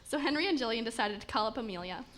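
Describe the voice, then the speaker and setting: A woman with a somewhat high voice reads a comic fairy tale aloud. She keeps a steady pace, tripping over a word now and then and starting again. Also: racing. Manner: steady reading with small stumbles and restarts. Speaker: story narrator. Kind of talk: reading a comic story aloud.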